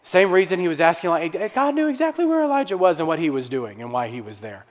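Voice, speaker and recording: A man's voice: fairly high pitch, sing-song, fast talker, long reverb tail. A male pastor preaching a sermon in a conversational way, with rhetorical questions and restarts.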